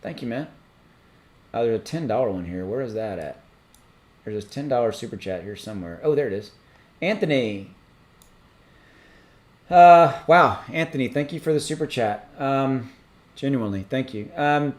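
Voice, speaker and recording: A man hosting a crypto livestream from a home setup, reading out viewer messages in a rambling, halting way with many ums and restarts. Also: mid-range voice, animated. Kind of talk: casual livestream chat reading super chats.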